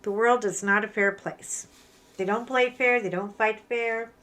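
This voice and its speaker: A woman in her fifties chats at her craft table in a candid, conversational way. Her voice sits at an ordinary middle pitch and is close-miked in a home craft room. She gets more animated and heated as her story goes on. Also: measured pace. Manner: chatty and candid, animated retellings with rising emotion. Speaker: craft channel host. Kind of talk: casual chat while crafting.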